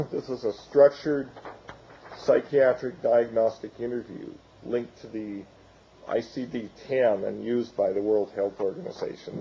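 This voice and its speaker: A man losing his voice, giving an academic lecture in a halting way with many fillers and restarts. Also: fairly low pitch, vocal fry, lo-fi sound, a little hiss or hum.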